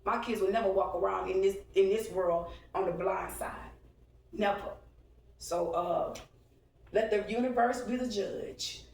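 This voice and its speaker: A woman's voice: medium pitch, a little slow, creaky, a little mellow, recorded from a distance. A blunt, profane woman, giving a heated, confrontational monologue to her viewers. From Texas. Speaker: vlogger. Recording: roomy echo, speaking from away from the mic.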